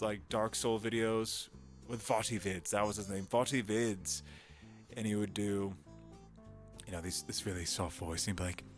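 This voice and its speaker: A male voice actor chatting casually on a live stream, animated and talkative, laughing often. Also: on the low side.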